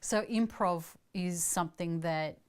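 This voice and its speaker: A woman's voice: fairly low pitch, a little slow, clean tone. A woman hosting an interview, asking curious, attentive questions. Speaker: interviewer, host. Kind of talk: interview conversation.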